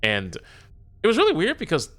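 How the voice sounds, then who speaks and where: A man with a bright, forward voice gives his opinions on a podcast. His pitch swings widely as he talks, and he speaks emphatically and directly to the audience. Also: wildly swooping pitch, a little fast. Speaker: podcast co-host. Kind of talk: casual chat.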